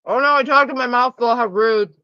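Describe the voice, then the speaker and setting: A woman's voice: a little high, brisk, pushed and bright, no room sound, muffled recording. A woman streaming a game, chatting loosely with her live viewers and answering them by name. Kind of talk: casual chat with live viewers.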